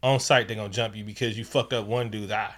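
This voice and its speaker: A man co-hosting a casual movie recap, talking in animated, profane bursts and acting out lines from the film. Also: lowish voice, fast talker. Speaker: podcast co-host.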